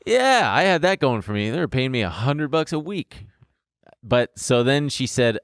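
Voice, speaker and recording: A man's voice: medium pitch, very animated, normal speed, dry recording, clean studio sound. A young man co-hosting a podcast, telling a long personal story in a rambling, self-deprecating way and laughing between lines. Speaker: podcast co-host. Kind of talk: casual storytelling chat.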